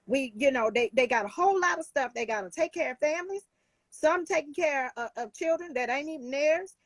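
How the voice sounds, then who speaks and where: Woman, high voice, dry close sound, emphatic, heartfelt, preachy, talk show guest. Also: expressive, a little fast, no echo. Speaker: guest life coach. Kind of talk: casual talk show chat.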